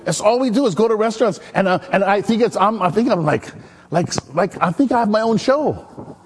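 Lively high-voiced preacher man. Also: brisk, a little hiss or hum. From Maui, Hawaii. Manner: energetic, chatty, storytelling with call-and-response. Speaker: pastor. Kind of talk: animated sermon.

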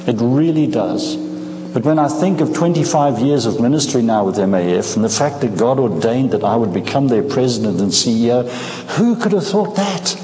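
A man's voice: mid-range voice, dark tone. A man with a Scottish accent, a guest preacher telling a story to a church congregation. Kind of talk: sermon. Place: church sanctuary. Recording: echoey church hall, faint ambience.

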